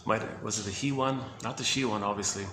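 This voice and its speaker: A man casually talking through quotes, meandering and correcting himself as he goes, with soft chuckles. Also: on the low side, steady tone, fairly quick. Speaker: host presenting quotes. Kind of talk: casual rambling talk. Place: indoor room. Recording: echoey room with background noise.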